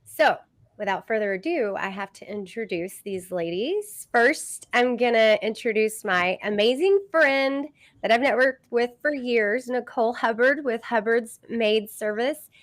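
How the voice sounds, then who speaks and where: A woman's voice: a little high, measured pace, no echo. Chatty Southern woman hosting, dry sound. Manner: chatty, many fillers. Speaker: host. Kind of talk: casual live podcast hosting.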